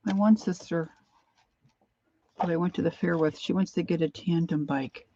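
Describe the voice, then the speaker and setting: A woman's voice: fairly low pitch, fairly even intonation, moderate pace, warm tone, lo-fi sound. A woman crafting and rambling to herself as she rummages, in casual chat.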